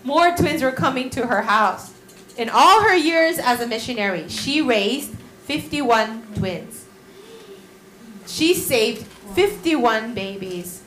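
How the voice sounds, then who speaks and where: A woman tells a story to a group of children, slow and unhurried, her high voice swooping up and down. She keeps asking the kids questions as she goes. The room echoes, with faint music behind her. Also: a little hiss or hum. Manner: animated, asks the children questions. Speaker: children's Bible teacher.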